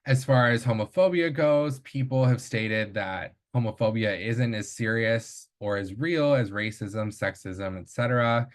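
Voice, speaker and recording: A man presenting research at an academic showcase, speaking in a measured way with frequent fillers and small self-corrections. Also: mid-range voice.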